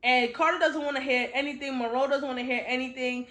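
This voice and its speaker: A woman with a fairly high voice recaps a book in a loose, chatty way. Her talk is slangy and full of swearing. She is recorded in a roomy space with a noticeable echo. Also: fairly even intonation, fast, fairly bright tone. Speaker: book reviewer.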